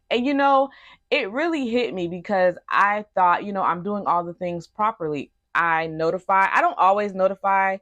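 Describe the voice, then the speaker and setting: A woman's voice: fairly low pitch, a bit bright, no room sound, muffled recording. A young woman telling a personal story in a storytime vlog, earnest and emphatic. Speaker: vlogger.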